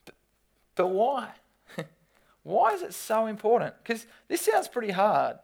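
Preacher mid-sermon: reads scripture, then tells stories with lively, dramatic, loud energy. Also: mid-range voice, measured pace, gravelly. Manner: reads scripture aloud between explanations.

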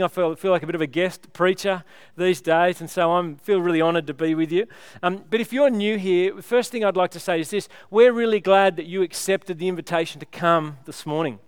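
A man's voice: high voice, smooth, no echo, clean studio sound. A man preaching a sermon, chatty and joking with the congregation. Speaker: pastor.

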